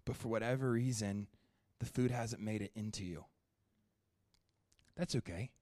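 A young man preaching a sermon at a church, shifting from animated, joking storytelling to quiet, prayerful ministry. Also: lowish voice, normal speed, dry recording, studio quality. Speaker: guest preacher.

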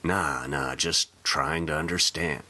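A man's voice: very deep voice, steady tone, slow pace, pushed and bright, exaggerated voice. A man voicing a blunt, easygoing male police officer who talks casually and plainly.

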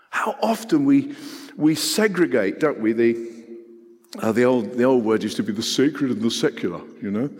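Middle-aged preacher, earnest sermon delivery with rhetorical questions, long reverb of a hall. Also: male voice, mid-range voice, expressive, moderate pace, slightly rough. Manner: earnest, rhetorical questions, shifting between loud and hushed.

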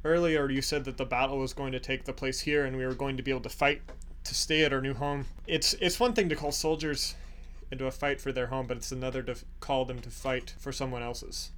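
A man voicing a gruff male refugee leader in a tabletop game, with a brogue that drifts between Irish and Scottish. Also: medium pitch, steady tone, fairly quick, a bit bright, a little hiss or hum, natural voice. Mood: worried. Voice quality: slipping brogue, half Irish, aiming for Scottish.

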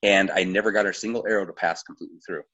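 A middle-aged American man telling a hunting story in a casual, animated and rambling way. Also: low voice, racing, lo-fi sound. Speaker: podcast guest, bowhunter.

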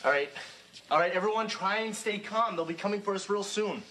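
An actor playing a cocky teenage boy who smooth-talks and reassures others in a sitcom clip. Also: high-pitched, a little fast, sharp tone, slight background noise, rough recording. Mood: breezy. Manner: breezy, reassuring. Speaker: sitcom character.

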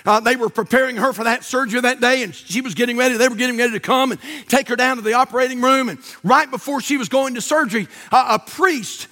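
Here a man gives a passionate sermon, lingering on key words for emphasis and weaving in Bible verses. The voice is very high-pitched, bright, and pushed.

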